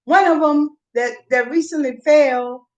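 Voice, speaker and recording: A woman's voice: high-pitched, measured pace, darkish tone, highs cut off. A woman vlogging in a meandering, casual monologue, repeating herself as her thoughts wander. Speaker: mukbang vlogger.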